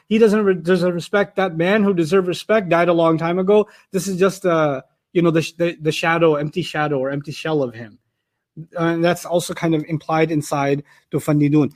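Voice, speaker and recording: A man's voice: fairly high pitch, a little mellow. A man giving an explanatory lecture on scripture, reading out Arabic terms and then explaining them in plain words. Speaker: Quran teacher.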